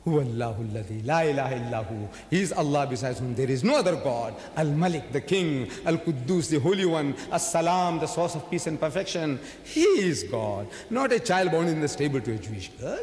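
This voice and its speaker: Man, fairly high voice, emphatic rhetorical lecture, long hall reverb. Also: lively intonation, fairly quick, few pauses. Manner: emphatic, rhetorical, swings between loud and soft. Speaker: religious lecturer. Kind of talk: public lecture. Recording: echoey hall from far off.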